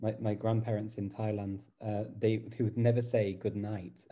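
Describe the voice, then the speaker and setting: A man hosting a casual chat, amused and quick to laugh as he tells anecdotes. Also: on the low side, level tone, dark tone. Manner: amused, laughs often while telling anecdotes. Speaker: host.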